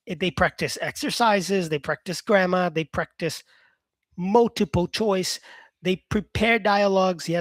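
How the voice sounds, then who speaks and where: A man's voice: high-pitched, dry recording. A male English teacher with an Australian-influenced accent, chatting with viewers on a live-stream lesson and filling his talk with "yeah", "um" and "mate". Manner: chatty, unhurried, lots of "yeah" and "um" fillers, calls people "mate".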